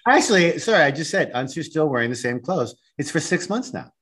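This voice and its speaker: Middle-aged man, high bright voice, swinging pitch, salty animated podcast chat. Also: husky. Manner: animated, salty, quick to laugh. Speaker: podcast co-host. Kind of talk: casual chat.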